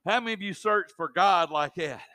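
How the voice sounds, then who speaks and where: Male pastor, sermon, slightly high voice, dry close sound, storytelling, swings loud and soft. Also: brisk, no room sound. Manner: storytelling preacher, colloquial, swings between loud and hushed.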